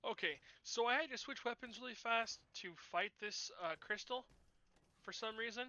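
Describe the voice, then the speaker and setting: Bright-voiced man chatting over gameplay. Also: very high voice, moderate pace, no echo, highs cut off. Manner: chatty, rambling explanations. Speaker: gaming channel host. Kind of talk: casual game commentary.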